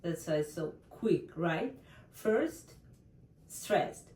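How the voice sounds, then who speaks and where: A woman with a Russian accent teaches pronunciation at a very slow, deliberate pace, leaning hard on key words. Her pitch rises and falls widely as she models each example. She sits a little away from the mic in a room with a noticeable echo. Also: expressive, darkish tone. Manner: slow, careful, emphatic, with non-native English grammar slips. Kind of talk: online grammar lesson.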